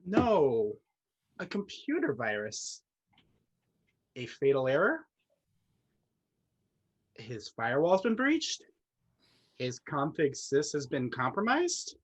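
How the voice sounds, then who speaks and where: Woman playing a nerdy prince guy, low husky voice, swings up and down a lot. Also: wildly swooping pitch, slow, long pauses, exaggerated voice. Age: young adult. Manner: eager, nerdy. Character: nerdy young prince, proud geek.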